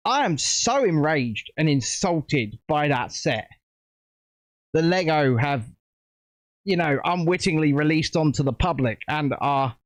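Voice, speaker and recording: A man's voice: fairly high pitch, no room sound. A British man hosting a casual livestream, chatting and rambling while building a set at home. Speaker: livestream host.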